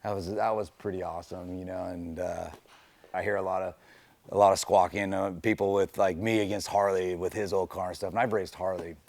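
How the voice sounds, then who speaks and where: A middle-aged man with a low, gravelly voice, a race car driver talking through his stories in relaxed conversation. He rambles easily and leans on "you know" at every turn. The sound is close and dry. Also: a little fast, no echo. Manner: loose and chatty, full of "you know" fillers. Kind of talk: casual storytelling interview.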